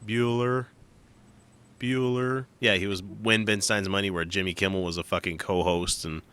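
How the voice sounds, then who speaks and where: A man with a low, bright voice hosts a casual podcast chat. He is sarcastic and swears freely as he steers the talk. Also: flat delivery, fairly quick, dry recording. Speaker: podcast host.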